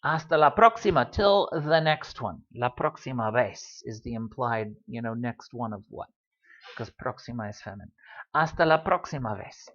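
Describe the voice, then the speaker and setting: A man's voice: mid-range voice, lively intonation, a bit bright. Chatty man teaching Spanish phrases. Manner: chatty, wry asides, slows down on Spanish phrases. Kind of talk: casual language lesson. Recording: dull lo-fi sound.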